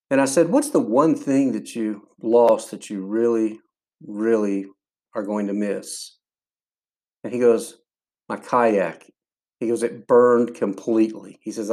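Earnest man telling a faith story. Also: mid-range voice. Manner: earnest, animated storyteller acting out quotes. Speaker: podcast host.

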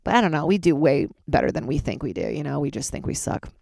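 Tired woman comic with vocal fry. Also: deep voice, animated, fast talker, darkish tone, no echo, studio quality. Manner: candid and loose, swears freely. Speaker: stand-up comedian and podcast host. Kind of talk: casual solo podcast chat. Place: closet.

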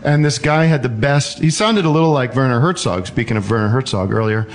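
A man's voice: mid-range voice, fairly quick, slight background noise. A man hosting a casual call-in show, rambling and joking with many fillers and restarts. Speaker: host taking listener calls.

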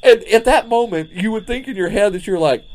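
A man's voice: high-pitched, brisk, a little mellow. A man, a podcast co-host telling a story in casual chat, laughing often. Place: front porch, outdoors.

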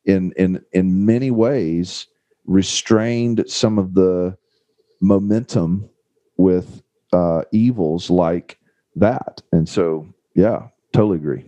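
A man co-hosting a podcast, speaking earnestly with halting restarts. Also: deep voice, mellow, no room sound, highs cut off. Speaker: podcast co-host. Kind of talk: casual podcast discussion.

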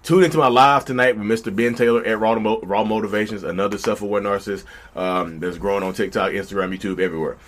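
A podcast host with a lowish voice rattles through a casual, animated monologue at a brisk clip, addressing listeners directly and slipping into quoted voices.

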